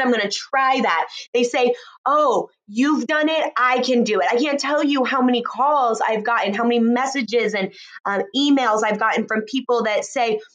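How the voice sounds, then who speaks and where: A woman's voice: on the high side, a bit bright. A woman coach giving an earnest, heartfelt morning motivational talk, chatty and laughing now and then. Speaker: life and relationship coach.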